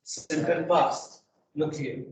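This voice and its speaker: A man teaching an English grammar lesson, asking the class rhetorical questions and filling pauses with "you know". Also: fairly high pitch, fairly even intonation, far from the mic, a little hiss or hum. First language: Arabic. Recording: echoey classroom taped from afar.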